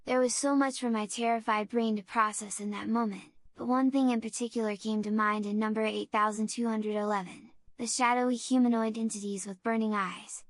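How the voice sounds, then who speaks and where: A woman's voice: fairly high pitch, steady tone, brisk, few pauses, no echo. Woman narrating horror, dry close sound. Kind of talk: scripted horror story narration.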